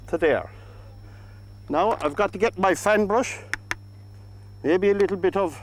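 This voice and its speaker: Irish guy with a high voice doing a painting demo outside, talks sweetly to the paint. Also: low-quality recording. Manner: gentle, coaxing, talks to the paint. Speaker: painting instructor. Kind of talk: painting demonstration. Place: outdoors by a lake.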